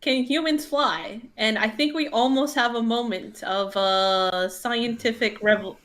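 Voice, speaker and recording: A woman co-hosting a reaction stream, speaking casually and haltingly. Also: fairly high pitch, a bit bright. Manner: hesitant, halting. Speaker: co-host. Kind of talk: casual chat.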